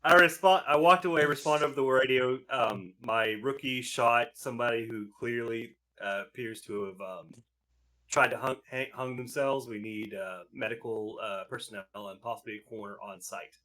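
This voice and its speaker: A man playing a tabletop role-playing game, with a bright, edgy tone. He describes what his character does in halting bursts, full of fillers and restarts. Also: mid-range voice, steady tone. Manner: hesitant, many fillers and restarts while describing actions. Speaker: player.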